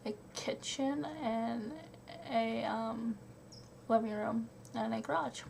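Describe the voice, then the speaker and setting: A woman's voice: a little high, steady tone, slow pace, vocal fry, darkish tone, slight background noise. A young woman answering a list of questions in a home vlog, hesitant with lots of ums and little laughs. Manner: hesitant, many ums, giggly. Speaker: vlogger. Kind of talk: question-and-answer tag video.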